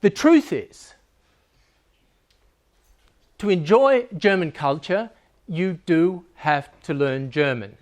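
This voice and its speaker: A man's voice: fairly high pitch, lively intonation, slow pace, pauses often. A man giving a humorous talk to a live audience, joking and conversational, laughing at his own lines.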